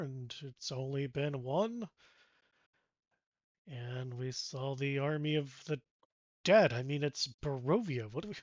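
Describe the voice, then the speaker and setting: A man's voice: fairly high pitch, no room sound, muffled recording. A man voicing a sheepish, bluntly sarcastic young man who rambles wry excuses.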